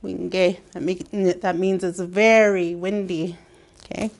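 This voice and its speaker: A woman teaching a language lesson, repeating each word slowly and clearly for learners to copy. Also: lowish voice, steady tone, darkish tone. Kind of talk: slow classroom language lesson.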